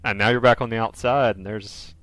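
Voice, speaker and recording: A man in casual chat as the game master, lively and laughing, trailing off into quiet asides. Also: lowish voice, a little fast, no room sound. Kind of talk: wrapping up a tabletop game session, casual chat.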